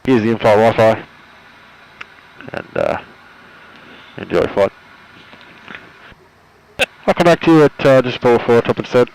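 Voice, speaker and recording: A man's voice: medium pitch, animated, unhurried, vocal fry, pauses often, darkish tone, slight background noise, poor audio. A man in a flight sim crew making a joking imitation of an airline pilot's announcement to passengers. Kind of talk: mock airline cabin announcement.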